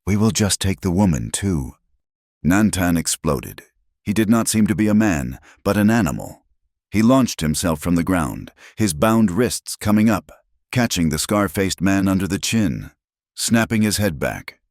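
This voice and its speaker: A man's voice: deep voice, sing-song, a little slow, a little mellow, dry recording, clean studio sound. A man narrating a frontier story in a dramatic, emphatic scripted style.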